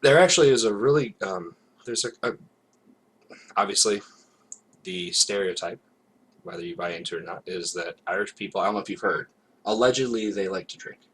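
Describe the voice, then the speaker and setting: A man's voice: on the low side, a little fast, long pauses, a bit bright, a little hiss or hum. A man co-hosting a casual podcast, talking in a playful, hesitant way with many fillers. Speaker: podcast co-host. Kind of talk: casual chat. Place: home, recorded live.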